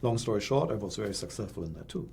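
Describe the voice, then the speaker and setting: A middle-aged man from Germany with a German accent, a guest in an interview, telling his story with animated, acted-out quotes. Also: lowish voice, fast, vocal fry, a little hiss or hum.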